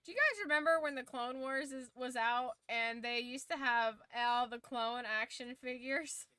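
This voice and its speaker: A bright, forceful young woman streaming a watch-along, with a slightly raised voice. She chats loosely and swears freely. The sound is dry and close. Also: high-pitched, normal speed, clean tone, no echo. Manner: chatty, swearing, reacting to chat. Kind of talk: casual watch-along chat.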